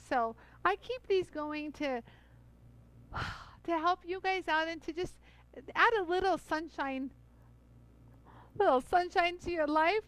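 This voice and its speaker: A woman's voice: sits high, fairly bright tone, rough recording. A middle-aged woman hosting a live-stream jewelry tool demo, bubbly and chatty, full of fillers and calling out to viewers. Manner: bubbly, chatty, many fillers, addresses viewers as "you guys".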